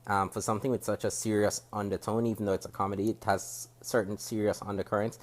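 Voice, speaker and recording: A man with a Jamaican accent, speaking to camera as he reviews a TV show. He talks in a critical, measured way and often restarts his sentences as he thinks aloud. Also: fairly low pitch, little pitch movement. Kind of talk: casual spoken review to camera. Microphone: camera facing the speaker.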